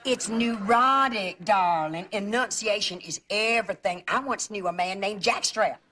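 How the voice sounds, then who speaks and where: An actress playing a chatty, gossipy middle-aged aunt who fusses over how people pronounce words. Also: female voice, mid-range voice, moderate pace, lightly acted. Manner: chatty, gossipy, fussy about pronunciation. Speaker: sitcom aunt. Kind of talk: sitcom acting. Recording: noisy old TV sitcom audio.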